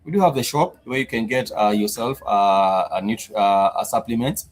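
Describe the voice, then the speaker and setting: Low-voiced man teaching Swahili patiently. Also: normal speed, a little hiss or hum. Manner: patient, repeats each phrase and spells words out. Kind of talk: live-streamed language lesson.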